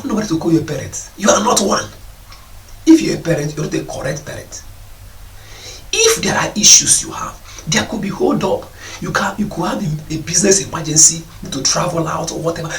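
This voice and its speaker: He lectures parents on their responsibilities, chiding them and ridiculing their excuses through exaggerated mock voices. The voice is high, expressive and a touch quick. It was captured from a distance in a room full of echo.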